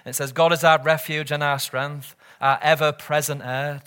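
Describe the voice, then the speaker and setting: A male pastor preaching to his congregation with a bright, somewhat high voice. He speaks earnestly and keeps turning statements into rhetorical questions. He swells louder on scripture and drops nearly to a murmur at the ends of phrases. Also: flat delivery, moderate pace, smooth. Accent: British or Commonwealth English. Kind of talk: sermon.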